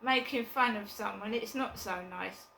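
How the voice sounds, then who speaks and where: A woman vlogging from her flat, chatting casually and bluntly in a rambling way, with occasional swearing. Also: a little high, moderate pace, gravelly, echoey room, slight background noise, poor audio. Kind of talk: casual chat to camera.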